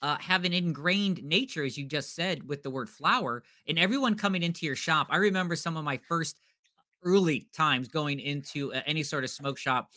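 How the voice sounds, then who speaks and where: A man's voice: a little high, moderate pace, sharp tone. A man co-hosting a podcast, asking playful, teasing questions in casual chat. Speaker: podcast co-host.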